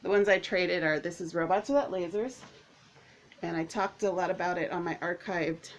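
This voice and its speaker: Rambling, excitable woman with a low voice. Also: normal speed, a little hiss or hum. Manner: rambling and excitable, many fillers. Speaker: author and vlogger. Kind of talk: casual chat to camera.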